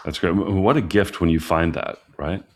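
A man's voice: low voice, moderate pace. A man hosting an interview, asking questions and affirming his guest's answers. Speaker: interviewer host. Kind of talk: conversational interview.

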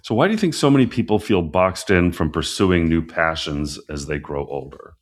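A man's voice: sits low, animated, normal speed. A man hosting an interview, asking questions and affirming his guest's answers. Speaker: interviewer host. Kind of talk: conversational interview.

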